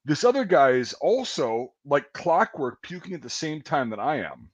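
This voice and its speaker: A man's voice: on the high side, big pitch swings, normal speed, no room sound. A man telling a long army story in a casual, profane, rambling way, laughing at himself. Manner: profane, rambling, self-deprecating. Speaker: podcast host.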